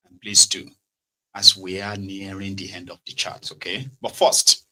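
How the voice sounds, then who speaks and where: Nigerian male host, very bright edgy tone, sarcastic casual commentary. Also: low voice, level tone, a little slow, low-quality recording. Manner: chatty, sarcastic, with many "right?" tags. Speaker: political talk show host.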